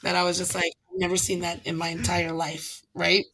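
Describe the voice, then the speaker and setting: A woman guest on a podcast, a karaoke host telling a story in a casual, animated way and acting out what people said. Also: fairly low pitch, fairly quick. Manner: animated storyteller acting out quotes, laughs often.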